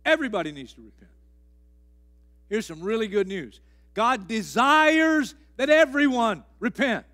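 A middle-aged man, a pastor delivering a sermon in a church, pressing key phrases again and again and swinging between loud and hushed. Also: extremely high pitch, animated, measured pace. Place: church sanctuary.

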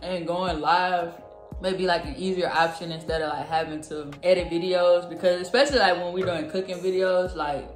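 A woman's voice: on the low side, steady tone, normal speed. Woman, teasing chatter, echoey room, faint music. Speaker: co-host of a couple's cooking channel. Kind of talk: casual chat.

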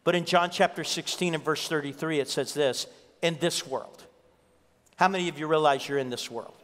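A man's voice: a little high, moderate pace, fairly bright tone, big-room sound. A man preaching a sermon as pastor, telling a story and repeating key lines for emphasis. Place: church.

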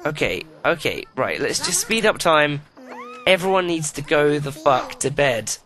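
A man's voice: on the high side, very animated, a little slow, pushed and bright. A man giving profane, exasperated running commentary while playing a life-simulation video game. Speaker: let's play host.

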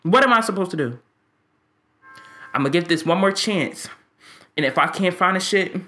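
A man's voice: a little high, sharp tone. A man giving ranting, profane commentary on a game he is fed up with, stammering when frustrated. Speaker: gaming YouTuber.

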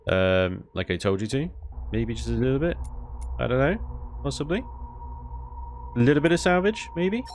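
A man's voice: medium pitch, normal speed, pauses often, a little hiss or hum. Ranting man gaming. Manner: animated ranting with bursts of laughter and mild swearing. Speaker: gaming YouTuber. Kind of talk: casual gameplay commentary.

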